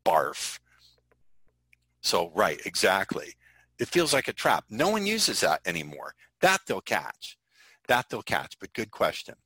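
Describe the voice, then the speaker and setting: A man's voice: on the low side, huge pitch swings, measured pace, pushed and bright, husky, no echo, low-quality recording. A middle-aged man teaching sales in an online webinar, emphatic and repetitive, drilling key phrases over and over. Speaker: sales trainer.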